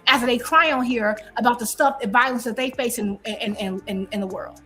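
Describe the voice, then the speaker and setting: Brief: high-pitched woman panelist, defiant and confrontational, heated back-and-forth. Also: a little fast, fairly bright tone, faint music behind. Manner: confrontational, defiant, repeats herself. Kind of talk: heated live-stream panel argument.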